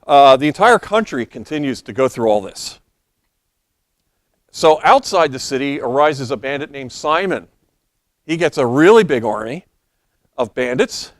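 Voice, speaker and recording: A man preaching a sermon, retelling history in a loose storytelling way and reading passages aloud, hoarse as he is losing his voice. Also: medium pitch, no echo, studio quality. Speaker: pastor.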